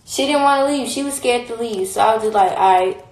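A woman's voice: on the high side, fast talker, echoey room, low-quality recording. A young woman on a phone live stream, talking in a heated, blunt and repetitive way, with frequent swearing. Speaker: livestreamer. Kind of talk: casual livestream rant.

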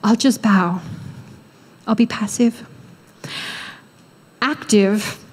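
An Australian woman preaching a sermon in a church, acting out quoted prayers with animated energy. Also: medium pitch, very slow, husky. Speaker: pastor. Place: church hall.

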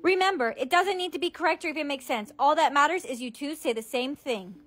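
Lady doing a stern lecturing mom or teacher, kinda high voice. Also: fast, fairly bright tone, soft background music. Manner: lecturing, firm. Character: strict lecturing mother or teacher.

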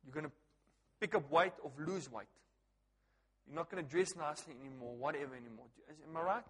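A man preaching a sermon to a congregation, animated and joking, often laughing and asking the people questions. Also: fairly high pitch, a little fast, breathy edge. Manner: animated, joking, laughs at his own stories; talks directly to the congregation with frequent questions. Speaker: pastor. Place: church hall. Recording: long reverb of a church hall.

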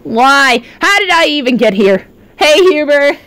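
Woman streamer, very high voice, excitable and shrieky, cracking voice, dry close sound. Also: a little slow, no echo. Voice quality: voice often cracking. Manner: excitable, shrieking, swearing at chat. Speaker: virtual streamer. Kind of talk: live gaming stream chat.

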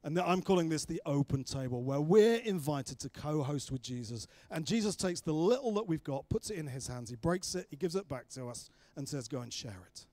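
Animated man preaching a sermon. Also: a little high, fairly quick, hardly any pauses, no room sound. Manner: animated storytelling, acting out voices of the disciples.

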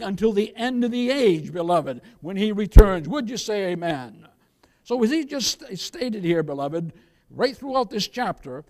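A man, a pastor, preaching a sermon with emphatic rises and quick asides. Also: high-pitched.

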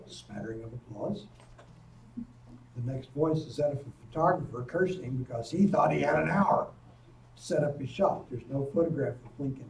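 Man lecturing in an echoey room. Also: fairly high pitch. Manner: lively storyteller with offhand asides. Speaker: professor giving a public lecture. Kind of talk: history lecture. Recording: echoey room, distant mic, faint noise.

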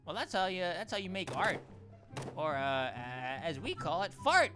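A man's voice: sits high, very animated, normal speed. A man hosting a gaming channel, giving goofy let's-play commentary full of puns and talking to the characters on screen. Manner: punning, jokey, talks to game characters. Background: game music.

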